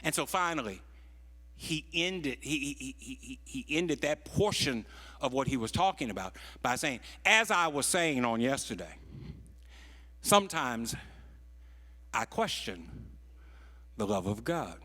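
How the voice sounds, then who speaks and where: Older pastor telling a story in a sermon, voice swoops up and down a lot, goes quiet then gets loud. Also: male voice, big pitch swings. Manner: swings from low, hushed telling to loud, rising preaching; stretches key phrases slowly for emphasis.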